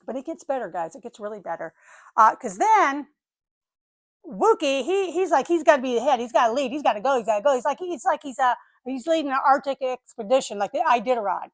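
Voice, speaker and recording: An older woman chatting casually on her vlog, telling a story in an animated way and acting out the voices of the people and animals in it. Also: high voice, fairly quick, no echo. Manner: animated, acts out voices of dogs and neighbors. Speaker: vlogger.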